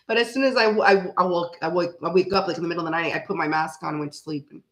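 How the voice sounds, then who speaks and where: A woman's voice: fairly low pitch, fast talker, fairly bright tone. A woman in her forties, hosting a card reading stream and chatting casually with viewers, rambling through stories and laughing often. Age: 40s. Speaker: tarot reading host. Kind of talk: casual livestream chat with viewers. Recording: roomy echo.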